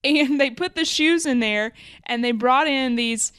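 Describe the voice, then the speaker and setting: A woman's voice: high voice, unhurried, fairly bright tone, clear, resonant tone, no echo. A woman, originally from Alabama, talking through business lessons on her podcast in a conversational way, thinking aloud and correcting her wording as she goes. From Alabama, USA. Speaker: podcast co-host.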